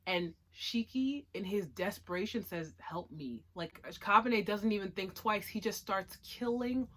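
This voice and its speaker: Woman host, casual review chat, emphatic and expressive, mid-pitched voice. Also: unhurried. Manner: expressive, emphatic, swings from hushed to loud. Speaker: anime reviewer.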